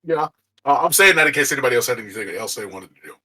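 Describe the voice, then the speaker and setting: A man's voice: medium pitch, animated, racing, sharp tone, low-quality recording. A man playing a tabletop game, chatting casually, repeating himself and swearing. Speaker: player.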